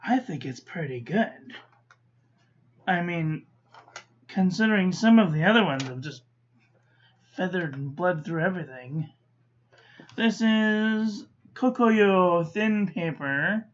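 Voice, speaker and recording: Speaking slowly with long pauses, a woman with a low-leaning, animated voice casually reviews ink on paper. Her narration is a string of short verdicts and chatty asides, recorded in slightly muffled lo-fi quality.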